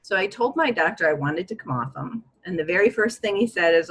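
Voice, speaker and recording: A woman's voice: lowish voice, lively intonation, fairly quick, hardly any pauses, slightly rough, rough recording. A woman recounting a personal story in a conversation, candid and reflective, her voice lifting when she quotes her own past thoughts. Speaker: guest.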